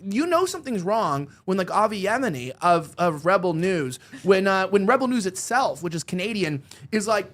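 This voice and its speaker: A woman's voice: mid-range voice, expressive, moderate pace, few pauses. A woman hosts a political talk show and vents with open anger. She hammers her points with repeated words and rising emphasis. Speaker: political commentary host. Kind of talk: heated political chat.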